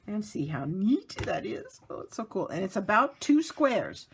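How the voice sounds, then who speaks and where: A chatty woman talks through a card-making tutorial in an unhurried way, her pitch rising and falling a lot. Small laughs break up her step-by-step narration at her work table, and a faint hiss sits under the camera-mic recording. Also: very animated, creaky. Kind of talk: casual craft tutorial narration.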